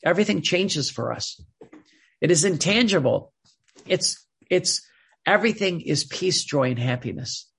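A man preaching a sermon in an earnest, halting way, often repeating words as he searches for the next thought. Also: on the high side, lively intonation, vocal fry, fairly bright tone, slightly rough.

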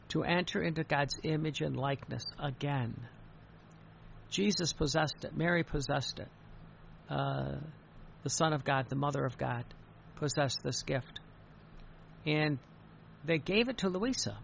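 A man preaching a sermon in an earnest way, often repeating words and quoting in a lowered voice. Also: vocal fry, a bit bright, muffled recording, slight background noise.

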